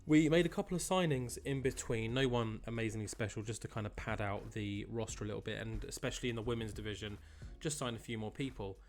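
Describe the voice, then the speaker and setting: A man's voice: on the low side, fast, few pauses, a little mellow, slight background noise. A young man casually commentating his own game playthrough in a chatty, upbeat way with joking asides. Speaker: gaming channel host. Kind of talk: casual let's-play commentary.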